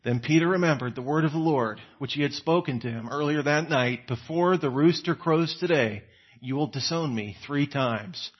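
A man delivers a sermon in a casual, storytelling way, his voice slightly husky and a little higher than most men's. He breaks into quoted lines with sharp jumps in pitch and loudness. The recording sounds dull and lo-fi. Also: moderate pace. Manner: conversational, acts out quoted lines with rising pitch and volume. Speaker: preacher.

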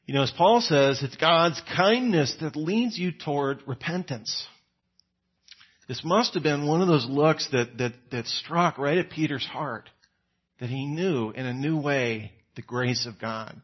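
A man delivers a sermon in a casual, storytelling way, his voice slightly husky and a little higher than most men's. He breaks into quoted lines with sharp jumps in pitch and loudness. The recording sounds dull and lo-fi. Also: unhurried. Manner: conversational, acts out quoted lines with rising pitch and volume. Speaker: preacher.

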